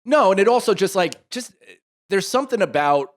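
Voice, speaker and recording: A man in his thirties co-hosting a podcast in casual chat, telling a rambling, animated story full of restarts and asides. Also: high voice, moderate pace. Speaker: podcast co-host.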